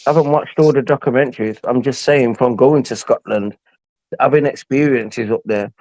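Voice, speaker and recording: A man's voice: medium pitch, normal speed, a little mellow, low-quality recording. A man, hosting a heated casual debate, arguing hard and leaning on slang like innit. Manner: argumentative, slangy, keeps saying innit. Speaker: host. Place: call room.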